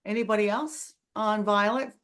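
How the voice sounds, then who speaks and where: A woman's voice: mid-range voice, fairly even intonation, normal speed, a bit bright. A woman hosting an online book club discussion over a video call, chatty and full of fillers.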